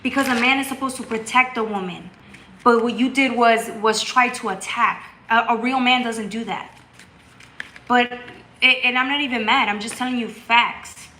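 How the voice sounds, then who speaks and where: On a tarot livestream, a woman with a slightly high voice talks with viewers at a normal speed over slight background noise. The tarot reader is casual, blunt and scolding, reads the chat aloud, and breaks into loud laughter.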